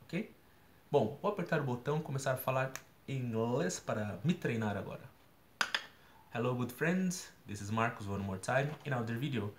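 Brazilian-accented man, mid-pitched voice, earnest and slow examples, echoey room, faint hiss. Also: expressive. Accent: Brazilian Portuguese. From São Paulo, Brazil. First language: Portuguese. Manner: earnest, repeats points slowly with examples. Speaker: English learner vlogger. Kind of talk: daily practice video explaining grammar.

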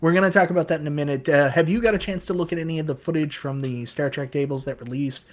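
A man's voice: on the high side, fast. Joking man with a Newfoundland accent. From Newfoundland, Canada. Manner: chatty, joking, self-deprecating. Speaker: co-host. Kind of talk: casual podcast chat.

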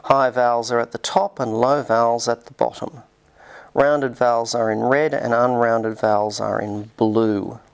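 A man narrating a scripted linguistics lesson in a measured, explanatory way. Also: mid-range voice, flat delivery, gravelly, smooth. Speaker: linguistics lecturer.

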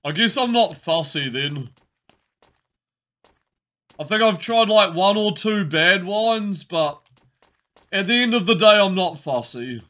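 A man's voice: high voice, lively intonation, slow, long pauses, a bit bright. A man casually commenting while he plays a game live, with wry, chatty reactions. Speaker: game streamer.

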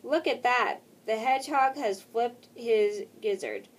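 A woman's voice: a little high, slow pace, distant mic. A woman reading aloud as a noisy male gander who honks and mocks. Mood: mocking. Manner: honking, mocking. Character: loud mocking male gander.

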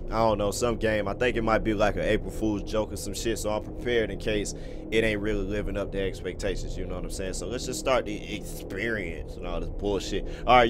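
A man's voice: fairly low pitch, noisy background. A young man casually commentating a game he is playing, laid-back and full of slang and swearing. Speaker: gaming YouTuber. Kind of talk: casual let's-play commentary.

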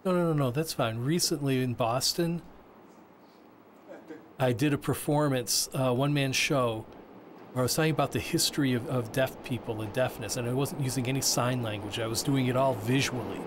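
A man voicing a signer's interview answers as interpreter, halting with frequent restarts and repeated words. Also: mid-range voice, slight background noise.

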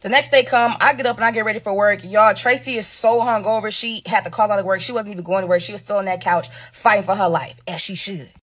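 A woman's voice: medium pitch, steady tone, fast talker, few pauses, a bit bright. A woman reading a dramatic story aloud, full of slang and asides to the viewers.

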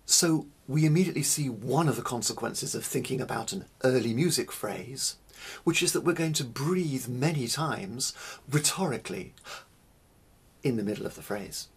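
A man teaching early music in a slow, deliberate spoken lecture, stressing single words and pausing between them. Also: mid-range voice, expressive, husky.

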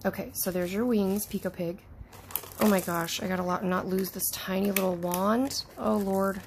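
A woman chatting casually as she unboxes toys, gushing and excitable, often talking to the toys and sometimes dropping into soft whispers. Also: medium pitch, normal speed, gravelly, background noise. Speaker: toy unboxing YouTuber.

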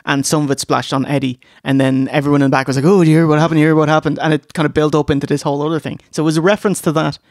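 A man's voice: a little high, flat delivery, vocal fry, dry recording, clean studio sound. A man co-hosting a podcast, recapping wrestling in a jokey way with frequent laughs. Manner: jokey, laughs often, quick asides. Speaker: podcast co-host. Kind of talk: casual recap commentary.

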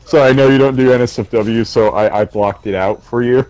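A man's voice: mid-range voice, steady tone, brisk, darkish tone, faint music behind, poor audio. A man hosting a gameplay stream, chatting casually and explaining things at length. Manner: rambling, explains with lots of fillers. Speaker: host. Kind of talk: casual chat while gaming.

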